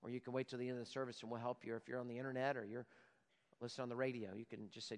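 A man in his forties preaching a sermon as a pastor, moving between loud emphasis and hushed, prayerful passages. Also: mid-range voice, flat delivery, rapid-fire, long reverb tail.

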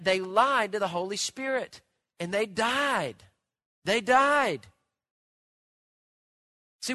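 A man preaching a sermon, telling stories with animation and swinging from loud to hushed. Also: high-pitched, no echo. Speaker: pastor.

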